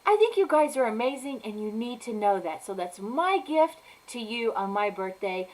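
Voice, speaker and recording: Woman, high voice, effusive, playful, video greeting. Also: animated, moderate pace, rough recording. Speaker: birthday video message sender.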